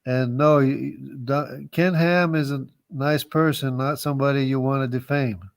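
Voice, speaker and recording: A man's voice: mid-range voice, steady tone, moderate pace, gravelly. Insistent man repeating his questions. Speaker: debate participant. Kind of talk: heated debate.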